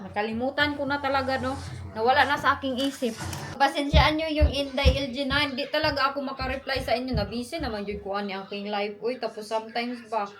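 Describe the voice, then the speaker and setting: A woman's voice: high-pitched, fairly even intonation, fast talker, fairly bright tone. A woman from the Philippines with a Filipino accent, chatting casually to camera as a mother at home, mixing languages and laughing often. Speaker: family vlogger, mother.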